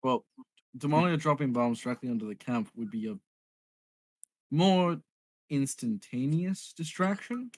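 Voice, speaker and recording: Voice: medium pitch, lively intonation, a little slow, pauses often, a little mellow, dry recording. Dry-sounding player with wry asides. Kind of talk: tabletop game chat.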